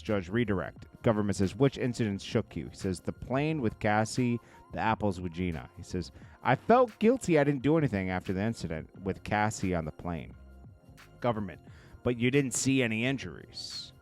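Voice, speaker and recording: Male commentator, low voice, lively delivery, recaps court quotes over faint music. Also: normal speed. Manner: reads quotes in a low murmur, then reacts loudly with laughs. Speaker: commentary host reading court testimony. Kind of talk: casual commentary, reading transcript aloud.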